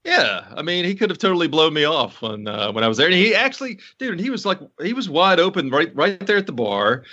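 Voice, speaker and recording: A man co-hosting a podcast in casual chat, telling stories in an animated way with many restarts and laughs. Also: on the high side, a little fast, muffled recording. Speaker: podcast co-host.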